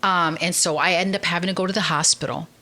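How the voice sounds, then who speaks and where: A woman from Chicago, a podcast guest, telling her personal story candidly and earnestly, often pausing on "um" and "like". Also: on the low side. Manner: earnest, lively, with frequent "um" and "like".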